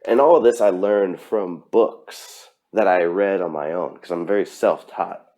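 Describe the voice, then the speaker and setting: A man with a low, deep, dark voice hosts his own podcast alone, giving a motivational talk. He speaks earnestly and emphatically, frequently pausing on fillers and restarting sentences as he drives his point home.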